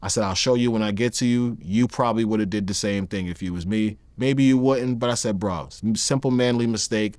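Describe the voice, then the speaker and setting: A man in an interview, telling a long personal story in a lively way and acting out the people he quotes. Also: fairly low pitch, a little fast, hardly any pauses, no room sound. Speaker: interview guest.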